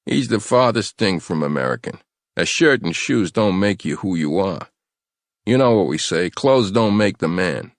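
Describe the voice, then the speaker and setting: A man's voice: sits low, expressive, normal speed, no echo, studio quality, voice pushed up. A man voicing an aggressive male soldier playing bad cop, harsh and swaggering. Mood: menacing.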